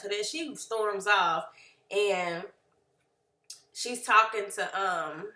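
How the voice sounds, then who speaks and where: A woman casually recapping a reality show, acting out what the cast said in lively voices. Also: mid-range voice, slow pace, reverberant, slight background noise. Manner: animated, acts out quotes of the cast.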